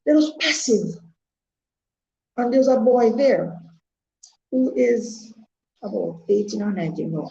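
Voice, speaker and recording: In an echoey room captured with dull lo-fi sound and a bit of hiss or hum, a Jamaican party member aged sixty-eight gives candid testimony. Her mid-range voice is gravelly and dark, measured in pace with long pauses, as she rambles earnestly and repeats words to stress her points.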